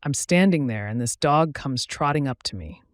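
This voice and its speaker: A man reading first-person stories aloud as scripted narration, in a steady, matter-of-fact way. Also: mid-range voice, moderate pace, no echo, studio quality. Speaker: story narrator.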